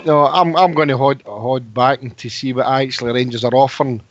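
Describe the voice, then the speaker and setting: A man's voice: mid-range voice, steady tone, brisk, dry recording. A man calling into a radio show, friendly and chatty. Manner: friendly, chatty, says wee and pal. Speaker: caller. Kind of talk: casual radio phone-in chat. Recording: dry lo-fi phone-in audio.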